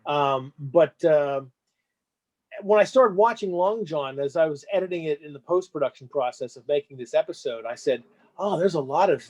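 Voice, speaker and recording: Talkative male movie host, slightly high pitch, loose casual delivery. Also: normal speed, highs cut off. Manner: chatty, rambling. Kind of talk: casual interview chat.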